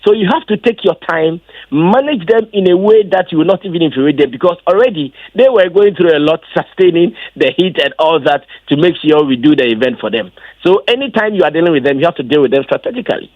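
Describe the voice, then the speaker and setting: A man tells his side in an interview, emphatic and animated, his voice jumping way up when he gets worked up. His speech sits a bit high for a man. The recording is dull and lo-fi, with a dry, close sound. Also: fast talker, dry recording. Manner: emphatic storyteller, voice jumps high when excited. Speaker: event organizer interviewed as guest. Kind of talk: casual interview answers.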